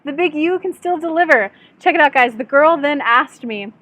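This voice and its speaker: A woman's voice: high voice, expressive, normal speed, fairly bright tone, dry recording. A woman working as an intuitive channel tells a candid story to her viewers in a chatty, self-deprecating way, often calling them "guys". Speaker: intuitive channel and law of attraction coach. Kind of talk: storytelling vlog addressed to viewers.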